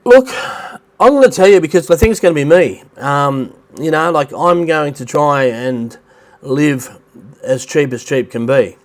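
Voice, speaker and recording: His voice fairly high and expressive, a middle-aged Australian man hosts a casual livestream at a measured pace. He sounds nasal because of a blocked nose, and he chats and rambles, naming viewers as he greets them, from a rented place near the beach in Thailand.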